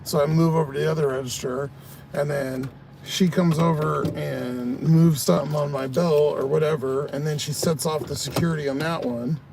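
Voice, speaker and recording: A man's voice: on the high side, steady tone, moderate pace, gravelly, crowd noise. A man chatting casually in a vlog, grumbling and swearing as he tells a story and works outdoors by his vehicle. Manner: grumbling, swears a lot while ranting. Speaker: vlogger.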